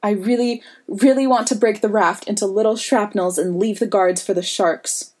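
Woman reading as a sharp-tongued young woman prisoner, snarky and fed up. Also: mid-range voice, steady tone, moderate pace, lightly acted. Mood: bitter. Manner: snarky, bitter. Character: cocky snarky young man, sarcastic prisoner.

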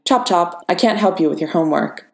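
A sarcastic middle-aged inventor, as a woman reads him, brushing people off with quick wit. The voice sits low. It rings in an echoey room. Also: lively intonation, creaky.

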